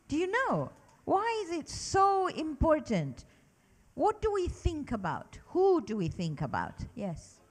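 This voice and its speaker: A middle-aged woman giving a religious lesson to children, asking them lots of questions and leading them in call-and-response recitation. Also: high voice. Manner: animated, asks children many questions. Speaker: children's lecturer at a mosque.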